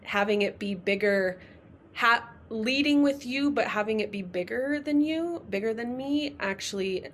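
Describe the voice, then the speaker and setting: A woman's voice: fairly high pitch, expressive, moderate pace, fairly bright tone, slight background noise. A woman guest in a casual interview, effusive and emotional as she talks. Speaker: podcast guest, coach.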